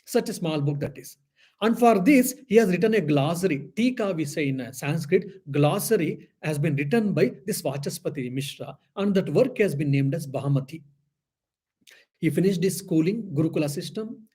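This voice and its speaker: A man who is a monk teaches scripture in a spiritual lecture, telling a story in an unhurried way and repeating phrases. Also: fairly high pitch, expressive, warm tone, breathy edge.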